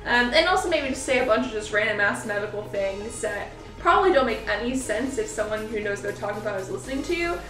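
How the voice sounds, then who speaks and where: The vlogger, a young woman in college, talks fast with few pauses in a highish, expressive, fairly bright voice. Giggling and saying "like" a lot, she chats through a laid-back makeup and costume tutorial for cosplay, recorded from a distance with roomy echo and faint music.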